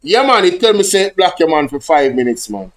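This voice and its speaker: Animated Jamaican man, higher voice. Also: a little fast. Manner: animated, slips between English and patois, addresses chat directly. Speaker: livestream host. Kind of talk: casual livestream commentary.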